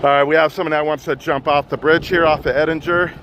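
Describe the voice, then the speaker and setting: An out-of-breath man giving urgent, halting live commentary outdoors on a freeway bridge, filmed on a phone. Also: fairly high pitch, fairly even intonation, fairly bright tone, slight background noise. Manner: urgent, halting, repeats himself. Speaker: live street news streamer.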